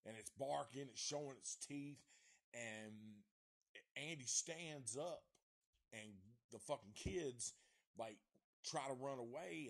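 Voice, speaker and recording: Man, husky, casual live stream movie review, rambling, profane. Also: mid-range voice. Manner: rambling, profane, laid-back storytelling.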